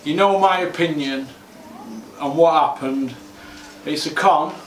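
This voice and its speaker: Brief: man, high-pitched, fuming solo rant, recorded off-mic in an echoey gym. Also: measured pace, distant mic, a little hiss or hum. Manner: exasperated, repetitive ranting. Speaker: boxing commentator. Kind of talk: ranting vlog monologue. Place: home gym.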